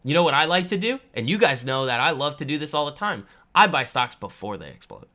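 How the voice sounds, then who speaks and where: Man, bright voice, casual market-livestream chatter, boastful, lots of "like" and "I mean". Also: a little high, very animated, a little fast. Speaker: trading livestream host. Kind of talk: casual live market commentary, answering chat. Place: home room.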